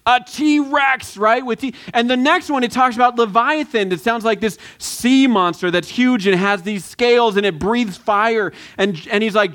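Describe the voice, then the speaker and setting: This pastor's voice is extremely high for a man and fairly bright. His sermon feels like conversation, full of halting restarts and questions aimed at the congregation.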